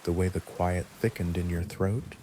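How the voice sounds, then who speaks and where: A man voicing a friendly but sinister stranger in the woods, mild and smiling, with quiet menace in a spooky story. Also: low-pitched, steady tone, moderate pace, background noise, close to an everyday voice. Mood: menacing.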